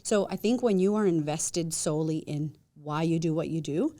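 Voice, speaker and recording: Podcast guest, woman; emphatic and animated, mellow low voice. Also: normal speed. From United States. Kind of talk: casual interview chat.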